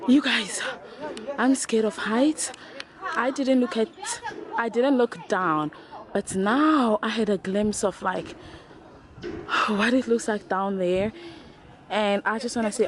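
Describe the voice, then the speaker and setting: A woman vlogging outdoors on a rainforest hill, excitable and often exclaiming in fright and awe. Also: mid-range voice, slow pace, pauses often, crowd noise. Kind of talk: casual travel vlog. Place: outdoors on a hillside rainforest trail. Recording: music playing over the voice.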